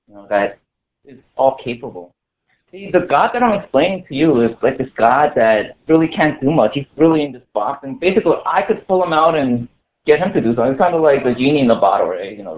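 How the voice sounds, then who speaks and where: A man gives a relaxed, chatty sermon, leaning on "you know" and restarting his sentences as he goes. His voice sits at an ordinary middle pitch. The recording is thin and tinny, like it came over a phone line. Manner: conversational, full of "you know" fillers and restarts. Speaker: pastor. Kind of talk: casual sermon to a small congregation.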